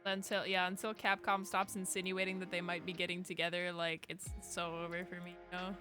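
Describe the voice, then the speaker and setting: A woman's voice: lowish voice, completely flat delivery, a little fast, bright, forceful tone. A woman streamer reading fan fiction aloud on a desk microphone, gushing, giggly and swearing freely between passages. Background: faint background music.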